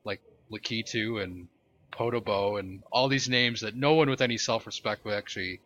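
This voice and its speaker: A man's voice: fairly low pitch, normal speed, bright, forceful tone, slight background noise. A man co-hosting a podcast in casual chat, grumbling, opinionated and sarcastic. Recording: dull lo-fi podcast audio.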